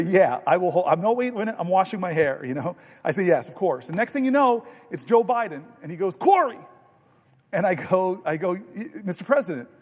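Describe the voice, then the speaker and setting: A senator in his fifties giving a long floor speech, telling anecdotes with many restarts and self-interruptions. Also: sits high. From United States. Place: large legislative chamber. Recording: distant mic in a reverberant chamber.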